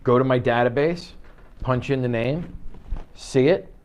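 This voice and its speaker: A man's voice: medium pitch, unhurried, a little mellow, clear, resonant tone. A man teaching a real estate sales class in an office, acting out phone calls in quoted voices. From United States. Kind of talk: office training talk.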